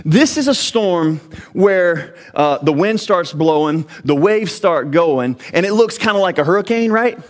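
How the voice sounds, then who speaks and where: Male pastor preaching a sermon; high-pitched voice, emphatic, halting restarts. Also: animated.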